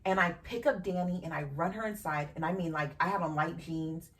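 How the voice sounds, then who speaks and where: A woman on a podcast, hosting, relates a personal story frankly and emotionally, swearing casually. Her voice is on the low side, a bit bright, and steady in tone, moving fairly quickly. The mic is distant from her.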